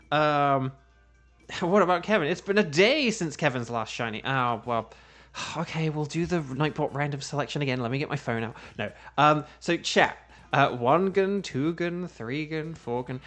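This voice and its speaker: A man chats his way through a game stream, rambling loosely and humming little tunes while he works things out. His voice sits at an ordinary middle pitch. Faint music plays underneath him. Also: fairly bright tone. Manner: rambling and chatty, hums to himself between thoughts. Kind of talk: casual live-stream chat while playing. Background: faint background music.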